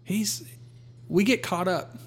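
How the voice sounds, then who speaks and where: A man sharing a personal faith testimony in a relaxed conversational way, acting out his talks with God. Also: sits high, slow pace, husky. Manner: storytelling, quotes God in a calm voice.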